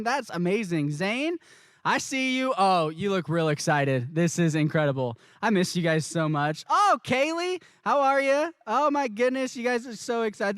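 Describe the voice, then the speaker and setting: An upbeat man hosts a youth live stream, talking straight to his viewers in a casual way. His voice sits high and sounds smooth and resonant, recorded dry and close. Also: a bit bright, no echo. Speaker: youth ministry host.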